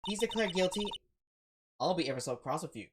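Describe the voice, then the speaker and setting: A woman's voice: lowish voice, expressive, a little fast, very noisy, lightly acted. A woman doing a cooing, doting lady. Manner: cooing, affectionate.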